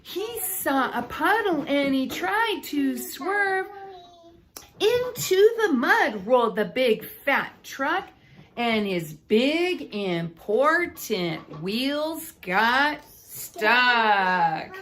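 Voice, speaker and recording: A woman reads a children's picture book aloud at a very slow, deliberate pace. Her voice sits high and moves up and down with lively, animated storytelling. She fills the reading with playful sound effects. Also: a little hiss or hum.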